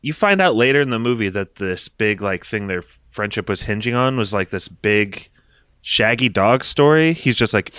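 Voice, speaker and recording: Low-voiced man hosting a jokey podcast. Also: expressive, moderate pace, fairly bright tone, clear, resonant tone, no echo, clean studio sound. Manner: jokey, laughs often, steers the discussion. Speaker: podcast host. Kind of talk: casual movie review chat.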